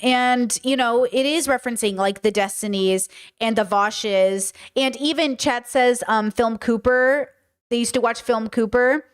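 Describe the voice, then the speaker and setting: A young adult woman hosting a casual livestream commentary, blunt and animated, now and then slipping into silly voices and sung bits. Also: on the high side, a little slow, smooth. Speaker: podcast host and live streamer.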